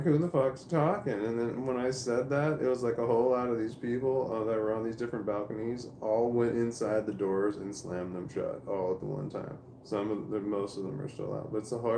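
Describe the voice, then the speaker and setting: A man talking casually to camera in a rambling, halting way, with restarts and swearing. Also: mid-range voice, mellow, slight background noise. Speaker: vlogger. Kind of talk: casual spoken monologue to camera. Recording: roomy echo.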